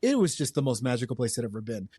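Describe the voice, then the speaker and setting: A man's voice: mid-range voice, very animated, rapid-fire, mellow, slightly rough, dry recording. A man hosting a podcast, chatting enthusiastically on a home podcast mic. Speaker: podcast host. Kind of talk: casual chat.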